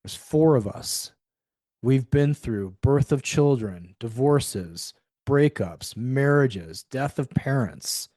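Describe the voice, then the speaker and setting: A middle-aged podcast guest speaks candidly in a conversational interview, animatedly acting out quoted dialogue. His voice is medium-pitched, slow, animated and warm. The recording is dry and of studio quality.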